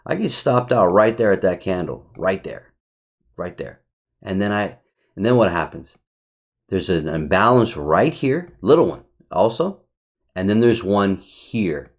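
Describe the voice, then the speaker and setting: A man reviewing his day trades on a chart, talking brashly, swearing and firing off rhetorical questions. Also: deep voice. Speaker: trading educator. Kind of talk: screen-recorded trade review.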